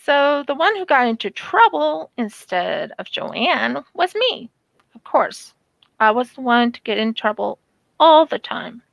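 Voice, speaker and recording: A woman's voice: fairly high pitch, a little slow, gravelly, no room sound, lo-fi sound. A woman vlogger chatting casually about childhood memories while she crafts, acting out quotes as she goes. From United States. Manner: animated, acts out quotes in her storytelling.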